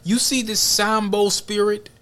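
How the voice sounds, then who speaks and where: A male podcast host talks in an emphatic, preachy way and restarts his sentences often. His voice sits a little high for a man. It is casual commentary that runs on and builds. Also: steady tone, measured pace, sharp tone.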